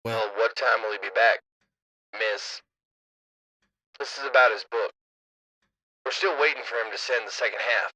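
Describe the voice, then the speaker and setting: A man's voice: fairly low pitch, normal speed, pauses often, bright, forceful tone, no echo, voice pushed down, low-quality recording. A man reading a publisher calling on the phone, polite and stiff, slipping into a Southern drawl. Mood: insistent. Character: brisk male publisher's clerk on the phone.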